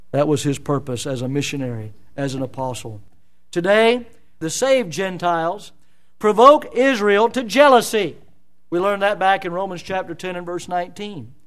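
A man preaching an expository sermon in a church, emphatic and full of rhetorical questions. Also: a little high. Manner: emphatic, rhetorical questions, dramatic voicing of scripture.

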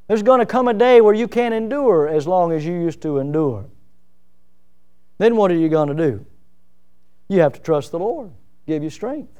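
A middle-aged pastor preaching with a notably high, smooth and resonant voice. His delivery rises into emphatic outbursts, and he slips in self-deprecating jokes. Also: mellow. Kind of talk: sermon.

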